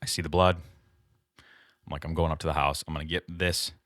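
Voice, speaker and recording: A man's voice: a bass voice, little pitch movement, brisk, fairly bright tone, no echo, studio quality. A man co-hosting a podcast, telling a story in a casual, rambling way, full of "like" and restarts. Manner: rambling, filler-heavy retelling with many "like"s. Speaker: podcast co-host.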